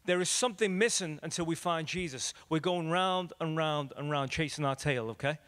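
A man with an Irish accent, an evangelist from Ireland, teaching and telling stories in an animated, repetitive preaching style that rises and drops in loudness. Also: on the high side, normal speed. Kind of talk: evangelistic teaching talk with storytelling. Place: church hall. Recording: long hall reverb.

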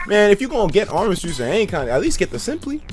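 A male streamer talks to his chat in a loose, foul-mouthed way, his pitch leaping up and down as he gets worked up. Faint game music plays underneath his voice. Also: quick pace. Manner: profane, animated, laughs often, talks straight to chat. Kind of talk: casual livestream chat reacting to chat and a game.

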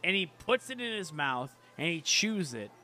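A man narrating as game master of a comedy tabletop game, joking quickly and voicing side characters. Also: fairly high pitch, big pitch swings, sharp tone, faint music behind.

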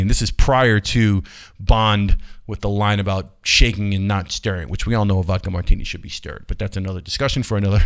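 A man's voice: lowish voice, clean tone. A man hosting his own film channel, talking casually in a rambling, chatty way with many fillers and restarts. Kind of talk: casual vlog talk.

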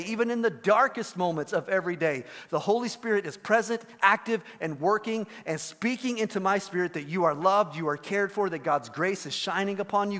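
A male pastor delivers his sermon with earnest emphasis, leaning on repeated phrases. His voice sits slightly higher than most men's. A long hall reverb from the sanctuary trails every line. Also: fairly bright tone.

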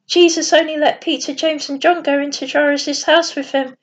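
A woman telling a bedtime story in a plain, gentle reading voice with small slips. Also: sits high, steady tone, moderate pace, hardly any pauses. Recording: dull lo-fi recording.

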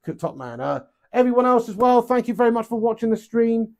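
A young man chatting casually on a live stream, rambling, swearing freely and getting animated. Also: very high-pitched, a little fast.

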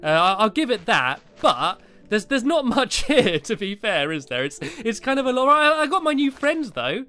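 A man's voice: very high voice, big pitch swings, moderate pace, hardly any pauses, sharp tone. A man narrating a Minecraft game in character, playful, with many stammered restarts and giggles. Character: cheerful cat character exploring the moon. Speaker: Minecraft let's play host.

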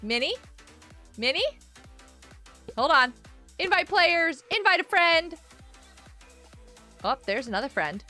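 A woman hosting a casual gaming live stream, chatting with viewers in a bubbly, animated way with gasps and laughs. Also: very high-pitched, slow pace, pauses often, faint music behind. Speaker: livestream host.

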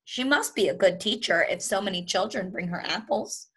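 Brief: a woman voicing a gullible storybook yard teacher, breathy and easygoing. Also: mid-range voice, animated, normal speed, a bit bright. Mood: musing. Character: naive, cheerful grown man yard teacher.

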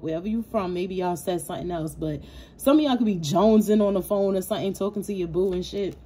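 A tarot reader gives a casual reading, talking straight to her viewers with affection, street slang, swearing and loose, rambling asides. Her voice is medium-pitched and dark, slightly rough.

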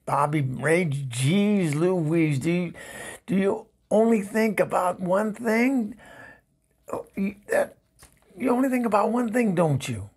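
The comedy show regular speaks slowly and slightly high while impersonating a raspy, much-married Southern divorcée on a phone call. She is exasperated throughout, snapping off sassy put-downs and stammering when flustered.

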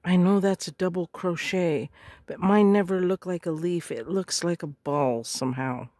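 A woman's voice: on the low side, normal speed, mellow, no room sound, clean studio sound. A woman crafter unboxing a package in a casual vlog, gushing with gasps and exclamations. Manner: gushing, gasping, frequent exclamations. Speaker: crafter on a design team.

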